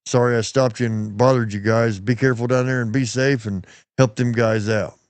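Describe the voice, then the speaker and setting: A man's voice: medium pitch, fairly even intonation, fairly quick, dry recording. A middle-aged man hosting a podcast, telling stories in a folksy, plain-spoken way and acting out what people said. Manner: folksy, plain-spoken, acts out quoted voices. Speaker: podcast host. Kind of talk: casual storytelling chat.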